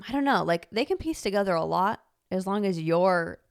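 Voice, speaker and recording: A woman's voice: mid-range voice, animated, moderate pace, creaky, clean tone. A woman co-hosting a casual podcast, talking in a rambling, chatty way with lots of "like" fillers and frequent laughs. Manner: laughs often while telling stories. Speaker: podcast co-host. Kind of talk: casual conversational podcast chat.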